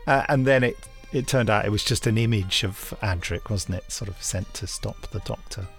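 A man with a lowish voice hosts a casual podcast chat. He rambles fondly and leans on fillers, with faint music underneath. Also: normal speed. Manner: warm-hearted, rambling, fond of fillers. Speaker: podcast host.

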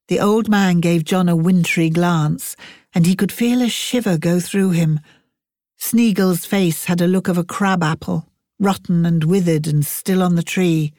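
A woman narrating an audiobook in a measured, wry storytelling manner. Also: on the low side, warm tone, no room sound, studio quality.

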